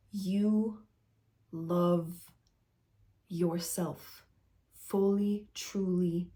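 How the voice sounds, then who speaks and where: A woman speaking as a spiritual coach in an unedited, stream-of-consciousness live talk. She talks slowly in a somewhat low voice, earnest and searching for her words, with frequent "like" fillers. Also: darkish tone.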